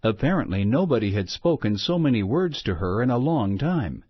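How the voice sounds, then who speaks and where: A man reading a children's storybook aloud in a slow, expressive storytelling manner. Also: medium pitch, breathy edge, no room sound. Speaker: storybook reader. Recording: muffled lo-fi recording.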